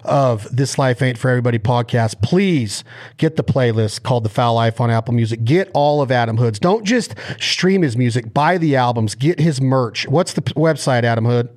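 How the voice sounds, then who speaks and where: A man hosting a podcast in casual chat. He is energetic, talks over his guest at times, and coaches his guest step by step. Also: mid-range voice, normal speed. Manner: coaching and instructive. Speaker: podcast host.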